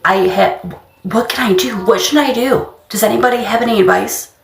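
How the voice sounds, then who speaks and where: A woman's voice: on the high side, normal speed, creaky, recorded from a distance, a little hiss or hum. A woman ranting in exasperation about her benefits being on hold. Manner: exasperated, complaining. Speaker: social media poster. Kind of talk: ranting phone video. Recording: echoey room.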